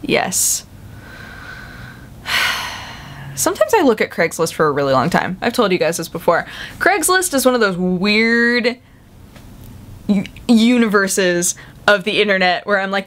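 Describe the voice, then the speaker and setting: A young woman in her twenties vlogging in casual chat, chatty and animated, acting out quoted voices with big jumps in pitch. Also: normal speed.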